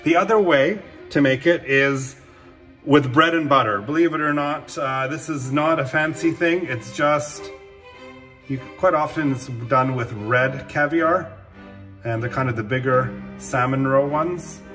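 A man hosting his own cooking channel, talking through a recipe in a relaxed, chatty way with frequent filler words. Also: mid-range voice, measured pace, echoey room, faint music behind. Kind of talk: casual cooking demonstration.

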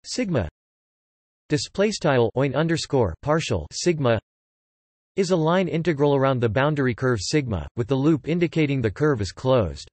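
A synthetic male voice reads an encyclopedia article in a flat, even manner, spelling out formula markup letter by letter. Its pitch sits in a middling range for a man. The sound is close and dry, with no room around it. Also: moderate pace, no echo. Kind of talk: text-to-speech article reading.

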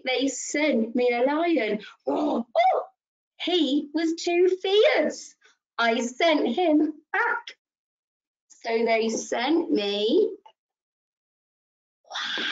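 A woman leading a children's story session, talking to toddlers in an animated sing-song way, gasping with delight and coaxing them to join in. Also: sits high, lo-fi sound. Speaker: early years practitioner.

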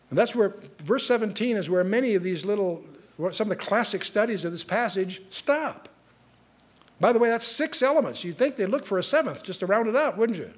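A man's voice: high-pitched, animated, brisk, breathy edge. A man giving a Bible study lecture in an earnest teaching tone, reading scripture aloud with rising emphasis and often restarting his sentences.

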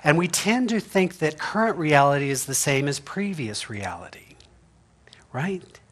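Pastor, male, slightly higher voice, folksy humorous sermon delivery with frequent laughs and rhetorical "right?". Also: sing-song, unhurried, a bit bright. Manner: chatty and humorous, laughs often, asks "right?". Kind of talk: conversational sermon. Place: church sanctuary.

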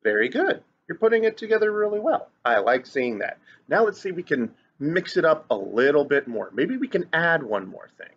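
A man's voice: on the high side, big pitch swings, fairly quick, hardly any pauses, fairly bright tone, husky. A man teaching grade school children to read rhythms, chanting note syllables and cheering them on. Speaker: music teacher. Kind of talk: online lesson for children. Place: classroom or home, filmed on camera. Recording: dull lo-fi recording.

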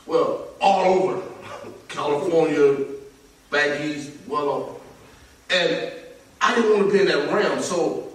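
A man, a pastor, telling a lively story in a sermon, laughing as he goes, with a congregation answering him. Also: fairly high pitch. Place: large church sanctuary. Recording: echoey church hall, mic from far off. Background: congregation responding.

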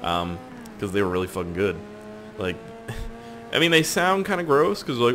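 A man's voice: on the low side, sing-song, normal speed, long pauses, fairly bright tone, a little hiss or hum. A young man giving casual, rambling gameplay commentary, swearing and joking with viewers. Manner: rambling, profane, jokey, talks to viewers. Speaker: gaming YouTuber.

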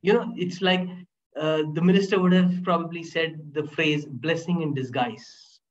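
High-voiced man telling a story. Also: moderate pace, slight background noise. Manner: animated, laughs between points. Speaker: guest speaker on inner power. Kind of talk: storytelling interview talk. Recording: dull lo-fi audio.

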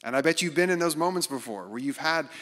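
A man's voice: a little high, quick pace. Man preaching in a reverberant hall. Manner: animated, self-deprecating, acts out quotes. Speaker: guest speaker. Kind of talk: conversational sermon.

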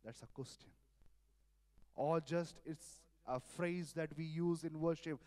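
A male preacher delivers a sermon, his voice sitting a little higher than most men's. He repeats phrases with earnest insistence and swings from loud emphasis to near quiet. The sound is dry and close. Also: fairly even intonation, slow pace, no room sound. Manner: earnest, repetitive, sudden swings in loudness.

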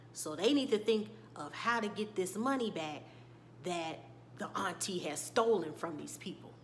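A woman's voice: on the low side, a bit bright, slight background noise. A woman casually recapping a TV episode in a chatty storytelling way, often slipping into the characters' lines. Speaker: TV episode reviewer.

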